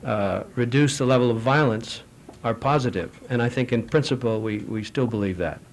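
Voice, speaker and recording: A middle-aged man with a mid-range voice answers questions from the audience at a foreign affairs forum. He speaks in a measured way, leans on anecdotes, and frequently starts his sentences over.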